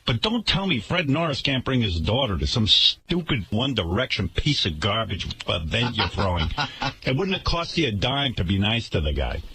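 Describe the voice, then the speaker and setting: Indignant radio host ranting sarcastically. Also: male voice, sing-song, moderate pace, sharp tone, slight background noise. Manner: indignant, sarcastic, swinging pitch. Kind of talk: ranting talk radio monologue. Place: radio studio.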